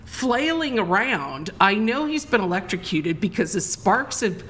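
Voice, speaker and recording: A woman guest on a live talk show, telling a long story in an excitable, rambling way, restarting her sentences. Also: medium pitch, a little slow, slight background noise.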